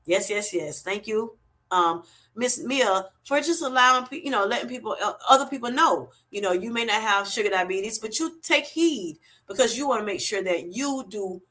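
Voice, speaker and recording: A middle-aged woman hosts a casual live stream. She reads out viewer comments and answers them in an affectionate, chatty way, calling people honey. Her voice is bright and sits at a middle pitch. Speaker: livestream host.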